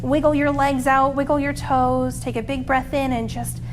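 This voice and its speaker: A young woman leading preschoolers through yoga and calming exercises, speaking in a gentle, encouraging way. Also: sits high, background noise. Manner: slow, soothing, encouraging. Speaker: children's librarian leading yoga.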